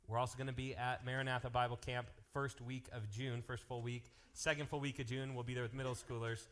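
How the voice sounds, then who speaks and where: A man working as a youth pastor, making lively, joking announcements and telling stories to a live youth group. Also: mid-range voice, a little fast. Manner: energetic, joking, jumps between topics.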